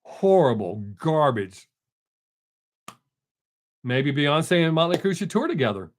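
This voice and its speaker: A man's voice: a little high, very animated, a little fast. An older man hosting a live stream, in casual folksy chat, joking and greeting viewers from the chat by name.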